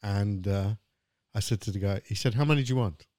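A man's voice: lowish voice, a little fast, darkish tone, dry recording. A middle-aged man hosting a podcast, joking around and telling dad jokes in casual banter. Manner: jokey, tells dad jokes with voiced punchlines. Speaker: podcast host.

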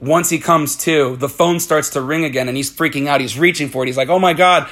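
A man casually recapping a movie plot, animated, acting out the characters' lines and swearing freely. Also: a little high, fairly quick. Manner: animated retelling with acted-out quotes.

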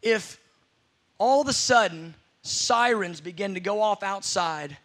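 A man's voice: sits high, unhurried, fairly bright tone. A man preaching a sermon, telling stories with playful acted-out scenes.

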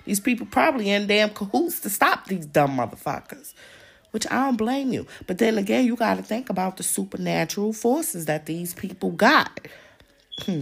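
Gravelly low-voiced woman ranting angrily. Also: a little hiss or hum. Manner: angry, profane, emphatic ranting. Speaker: podcast host. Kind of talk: ranting open-discussion monologue.

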